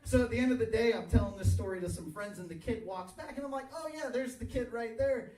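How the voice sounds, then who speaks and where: A thirty-something man with a fairly high voice works a small bar crowd with crude, self-deprecating stand-up and keeps chuckling at his own lines. He sounds echoey and a little distant, as if the room picked him up from across the bar. The delivery is loose and off the cuff. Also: fast talker, mellow. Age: 30s. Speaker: stand-up comedian. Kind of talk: stand-up comedy set. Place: small tavern stage, live audience.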